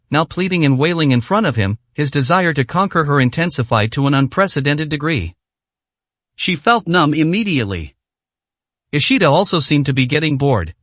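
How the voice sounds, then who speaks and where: A man narrating a dramatic story in a scripted, expressive reading. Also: on the high side, dry recording.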